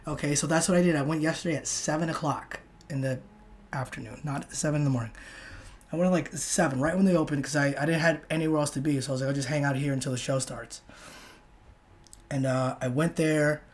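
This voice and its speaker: A man's voice: on the high side, steady tone, fast talker. A young man from Texas hosting a solo podcast, telling a rambling story with many restarts and casual swearing. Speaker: podcast host.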